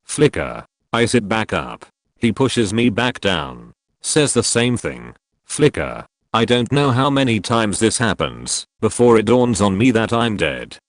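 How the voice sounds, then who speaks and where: Low-voiced man narrating a dark tale. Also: big pitch swings, dry recording, studio quality. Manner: low, measured, drops to a hushed tone for repeated refrains. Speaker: narrator reading a trip report. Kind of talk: scripted first-person narration.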